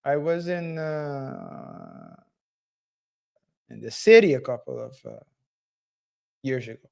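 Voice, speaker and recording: Slow, halting male podcast co-host. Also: fairly high pitch, animated, vocal fry, darkish tone. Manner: slow, halting, hedging with fillers. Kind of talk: casual podcast chat.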